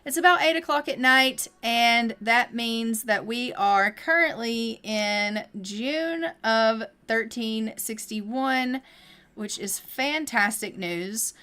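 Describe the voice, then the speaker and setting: Bright-voiced chatty woman streamer. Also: on the high side, slow, smooth. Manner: chatty, playful, voices her game characters. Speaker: game streamer. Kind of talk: casual gameplay commentary.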